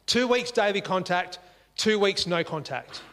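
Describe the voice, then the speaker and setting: An Australian man telling a personal story in a lively, conversational way, acting out the dialogue as he goes, seated at home at a dining table. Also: high voice, unhurried, big-room sound. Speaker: speaker sharing a life story.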